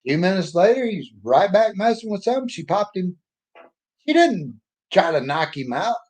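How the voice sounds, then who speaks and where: A man speaks in a slightly higher register. He tells a story in a folksy, blunt, opinionated way, as a casual monologue. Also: very animated, normal speed, a little mellow. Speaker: author and speaker.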